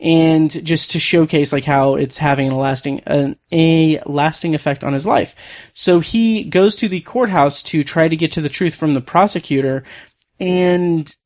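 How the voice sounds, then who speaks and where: A woman with a low-pitched, darkish voice co-hosts a podcast at a measured pace. She chats casually and reviews TV shows, using many fillers and laughing frequently.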